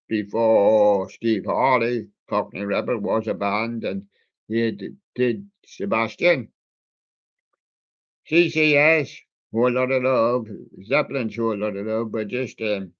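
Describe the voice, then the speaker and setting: A man's voice: lowish voice, a bit bright, muffled recording. A man hosting a music show, reading out song titles in a rambling, casual way with puns on the titles. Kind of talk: casual record-show chat.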